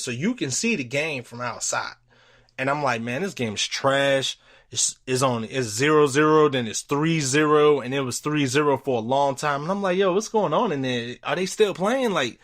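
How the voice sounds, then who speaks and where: A young man hosting a podcast, telling a story in a casual, profane, animated way. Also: on the high side. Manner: animated, profane, retells quotes with voice jumps. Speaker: podcast host.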